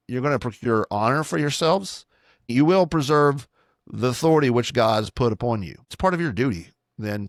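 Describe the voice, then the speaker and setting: A man's voice: mid-range voice, dry recording, clean studio sound. A middle-aged man, a pastor hosting a solo podcast, teaching in an earnest, instructive way and sometimes acting out sample commands to children.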